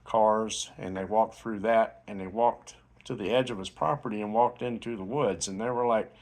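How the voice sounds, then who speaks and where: A man's voice: on the low side, normal speed, darkish tone. A man giving a casual motivational sales talk, telling a long story in a rambling way with many fillers and restarts. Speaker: network marketing promoter.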